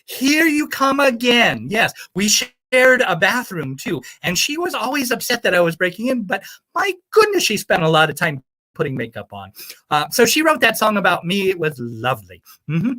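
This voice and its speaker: A woman's voice: medium pitch, big pitch swings, moderate pace, a bit bright. A woman playing a scatterbrained self-proclaimed primatologist who calls bingo and rambles in a put-on accent that drifts toward the American South. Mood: chatty. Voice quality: breezy, rambling, cheerfully misinformed. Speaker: bingo caller. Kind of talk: comic live-stream character bit.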